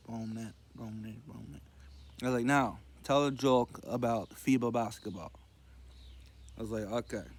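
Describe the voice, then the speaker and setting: Slow, low-voiced man rambling. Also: darkish tone. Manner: meandering, loose, quoting others in a low murmur. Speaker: vlogger telling jokes. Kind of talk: rambling casual storytelling.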